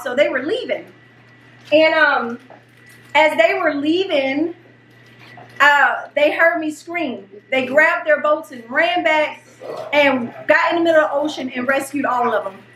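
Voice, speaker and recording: A middle-aged woman and mother, hosting a home vlog, telling a story in an animated, excitable way. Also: high voice, roomy sound, recorded from a distance, slight background noise. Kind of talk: casual storytelling. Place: home kitchen.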